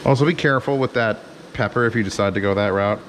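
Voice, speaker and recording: A man's voice: lowish voice, fast talker, slight background noise. A man hosting a casual cooking vlog from his home kitchen, rambling and joking with plenty of swearing as he works. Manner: joking, profane, rambling commentary. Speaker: home cook host.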